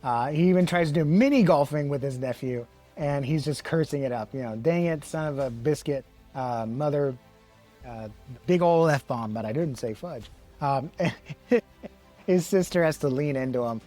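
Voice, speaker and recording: A man's voice: medium pitch, normal speed, mellow, faint music behind. A man giving a casual comic book review, rambling with many fillers and restarts and the odd chuckle. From Texas.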